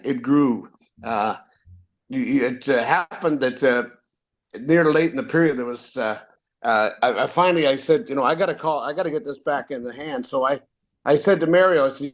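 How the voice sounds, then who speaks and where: An older Canadian man, a retired hockey referee appearing as a guest, tells rambling anecdotes in casual storytelling, full of fillers and restarts. His voice is medium-pitched and fairly quick.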